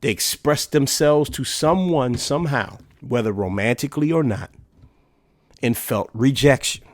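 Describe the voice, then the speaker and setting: A man's voice: medium pitch, a little slow, dry recording, clean studio sound. A man in his thirties hosting a solo podcast, talking casually and emphatically and asking rhetorical questions. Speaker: podcast host.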